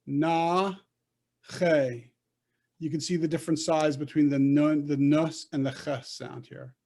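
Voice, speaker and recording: A man gives online class instruction in Hebrew reading via video call, sounding out syllables as he coaches with slow, deliberate patience. His voice is a little high and mellow, with little pitch movement.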